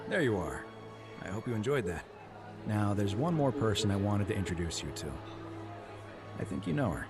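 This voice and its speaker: An actor playing a sly, deliberate figure in a video game, speaking slowly with hidden purpose. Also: male voice, on the low side, big pitch swings. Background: game music.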